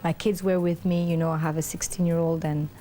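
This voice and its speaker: Soft background music plays as a middle-aged woman with a lowish voice talks fairly quickly. Being interviewed, she tells a rambling personal story full of fillers, animatedly imitating the voices of those involved.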